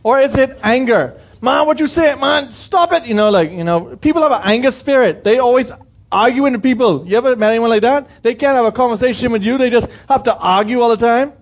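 A young man preaching a sermon in a high, light voice. He keeps it chatty and informal, asking the congregation direct questions. He breaks into brief impressions of the people he describes. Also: fast talker. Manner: conversational preaching, asks the congregation questions, acts out quoted voices. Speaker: pastor.

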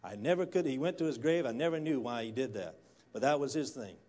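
A male preacher, delivering a church sermon as a folksy storyteller who swings from quiet murmurs to loud, fired-up preaching. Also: mid-range voice, animated, fast talker. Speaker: guest pastor. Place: church sanctuary.

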